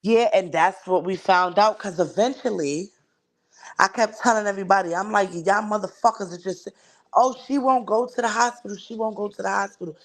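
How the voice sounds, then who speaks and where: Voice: medium pitch, fairly quick, poor audio. A speaker telling a long story in casual, profane, slangy chat on a podcast.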